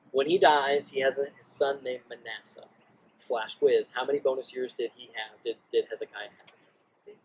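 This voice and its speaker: Animated man teaching the Bible. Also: on the high side, a little hiss or hum, rough recording. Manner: animated storyteller acting out quotes. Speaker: youth ministry teacher.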